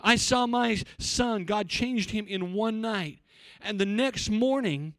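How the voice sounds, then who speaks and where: A high-pitched middle-aged man preaching a sermon from the pulpit. He mixes folksy, plainspoken storytelling with fervent calls to repentance. The sound is dry and close, with no room echo. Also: a little slow, a bit bright. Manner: preaching with rising fervor, folksy storytelling asides. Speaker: pastor.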